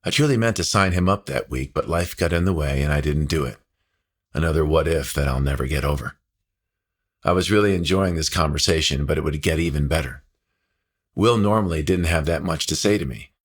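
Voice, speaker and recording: In a very low, husky, slightly breathy voice, a man narrates his own memoir as a steady audiobook reading, heartfelt and reflective, at a slightly fast pace.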